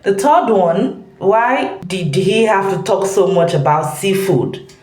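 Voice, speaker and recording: A woman host giving a relaxed, laughing commentary on clips she has just watched. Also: medium pitch, slow, echoey room, low-quality recording. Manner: laughing, relaxed reaction chat. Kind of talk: casual commentary.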